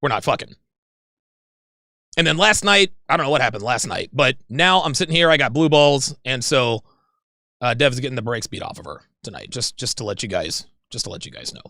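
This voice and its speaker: A man in his forties hosting a livestream in casual chat, rambling and excitable. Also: mid-range voice, brisk, creaky, no room sound, studio quality. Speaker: livestream host.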